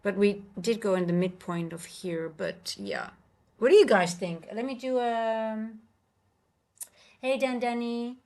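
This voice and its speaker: A woman hosting a casual trading livestream from home, talking in a chatty, halting way with many restarts. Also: medium pitch, lively intonation, a little mellow. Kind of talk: casual live-stream chat.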